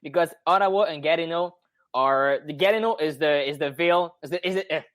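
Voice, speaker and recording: A young man from Quebec with a Quebec French accent, chatting casually in English and often pausing to find words. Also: on the high side, a bit bright, no room sound. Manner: searching for English words, many fillers and restarts. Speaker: guest. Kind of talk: casual chat.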